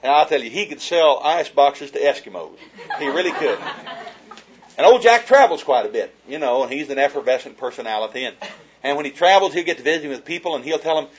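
A man's voice: on the high side, expressive, fairly quick, highs cut off, a little hiss or hum. A man giving a humorous, folksy talk about marriage to an audience, telling stories and chuckling as he goes. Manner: folksy storyteller, chuckling as he talks.

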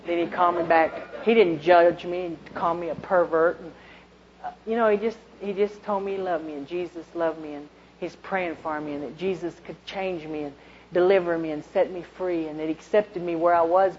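A woman's voice: on the low side, fairly even intonation, moderate pace, a little mellow. Plain-spoken woman giving testimony, lo-fi. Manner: plain-spoken, colloquial, emphatic storytelling. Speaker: speaker giving her testimony. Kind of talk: testimony sermon. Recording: dull lo-fi recording with faint noise.

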